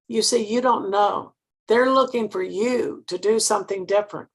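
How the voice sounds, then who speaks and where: Gravelly older woman giving a pep talk. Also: mid-range voice, moderate pace. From Mississippi, US. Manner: earnest, preacherly, asks the listeners direct questions. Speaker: sales director giving a training talk. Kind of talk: motivational talk.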